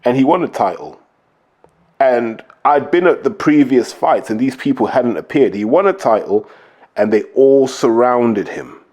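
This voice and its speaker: A man's voice: medium pitch, expressive, unhurried, a little mellow. A man giving blunt, opinionated commentary on a podcast, emphatic and hammering his points home. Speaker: podcast host, boxing pundit.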